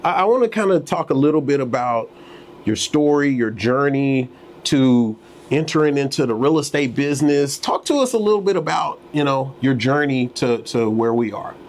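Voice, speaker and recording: A man's voice: medium pitch, lively intonation, normal speed, a little mellow. A man hosting a podcast, enthusiastic and friendly as he interviews a guest. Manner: enthusiastic, hype introductions. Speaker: podcast host. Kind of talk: casual interview.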